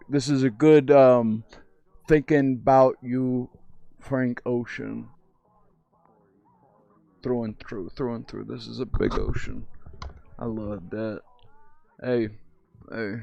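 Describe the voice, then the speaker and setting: A man chatting with strangers in a VR game, crude and teasing, swinging from mumbles to shrill giggles and shouts. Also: vocal fry, no room sound. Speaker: VR streamer. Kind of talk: casual VR chat with strangers.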